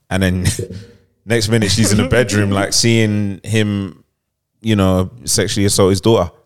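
A man with a low, smooth, resonant voice. He co-hosts a casual podcast chat, rambling through a story with plenty of "um"s and little laughs. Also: little pitch movement, normal speed. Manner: rambling, many fillers, laughs while telling. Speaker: podcast co-host. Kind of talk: casual chat, retelling a show's plot.

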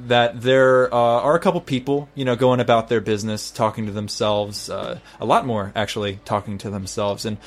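A man's voice: lowish voice, fairly even intonation, normal speed, few pauses. A man narrating a tabletop game as game master, chatty and full of fillers.

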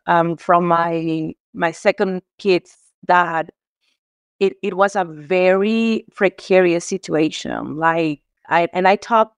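A woman's voice: fairly low pitch, clear, resonant tone, no room sound. A woman from Mexico, a guest in an interview, talking in a heartfelt, tearful way with many restarts and fillers. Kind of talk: emotional conversational interview.

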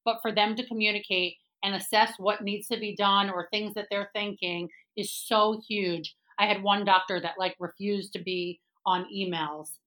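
A woman's voice: mid-range voice, steady tone, normal speed, hardly any pauses, pushed and bright. A woman hosting an interview, asking questions and affirming her guest supportively. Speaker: podcast host.

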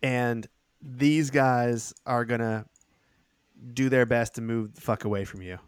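A man in a mid-pitched voice runs the table as game master, laying out distances and describing the enemy. The sound is dry and close, with no room around him. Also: steady tone, a little slow, clear, resonant tone, dry recording. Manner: chatty, laughs, voices side characters.

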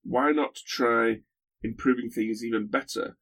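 A man's voice: mid-range voice, fairly even intonation, measured pace, a bit bright. Hesitant, dry-humoured man. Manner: hesitant, dry humorous, many fillers. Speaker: podcast co-host, guest. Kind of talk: casual podcast chat.

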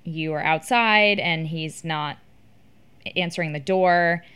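A woman's voice: low-pitched, slow pace, fairly bright tone, smooth. A woman hosting an interview, asking questions in a hesitant way with ums and restarts. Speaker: interviewer host.

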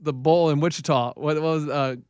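A man in casual radio banter, easygoing and quick to agree. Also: on the high side, steady tone, darkish tone, clean tone, no echo, studio quality.

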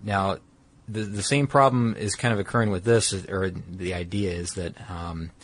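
A man's voice: low voice, fairly even intonation, normal speed. A man explaining a technology in casual conversation, rambling and correcting himself with many fillers.

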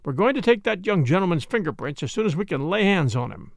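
A man's voice: sits high, very animated, fast, gravelly, dry recording, clean studio sound, exaggerated voice. A man doing a blunt, cocksure police inspector. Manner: blunt, dismissive. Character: gruff, self-assured male police inspector.

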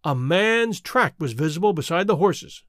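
Brief: a man narrating, expressive and measured, animated pitch. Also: no echo, clean studio sound. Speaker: audiobook reader. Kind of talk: storybook narration.

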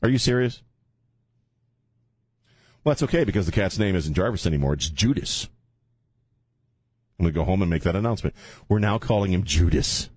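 A man hosting a call-in radio show in a dry studio, his lowish voice swinging up and down as he jokes. Loose and playful, he laughs easily between remarks. Close, dry mic sound. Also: expressive, brisk, pauses often, a little mellow, slightly rough, dry recording. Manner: loose, jokey, laughs often. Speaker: radio talk show host.

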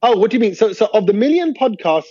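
A man hosting a podcast, teasing and animated, restarting his sentences in casual banter. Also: high-pitched, fast, breathy edge, no echo, lo-fi sound. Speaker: podcast host.

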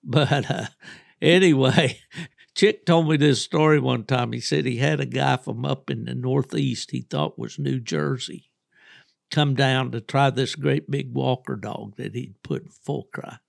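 An older man with a gravelly, creaky voice spins folksy, rambling stories as a podcast host. He talks in a relaxed, easygoing way and chuckles often. The sound is dry and close, with little room echo. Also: medium pitch, measured pace. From Southern West Virginia. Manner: folksy, rambling storyteller who laughs often. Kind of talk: casual storytelling chat.

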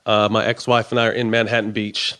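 A man's voice: on the low side, level tone, a little fast, bright, forceful tone, smooth. A man telling a personal story in casual, profane talk, acting out both sides of the conversations he recounts. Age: adult. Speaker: professional basketball player.

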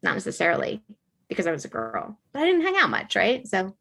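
A woman in casual conversation who tells stories in an animated way, full of fillers and tag questions. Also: medium pitch, fast, gravelly.

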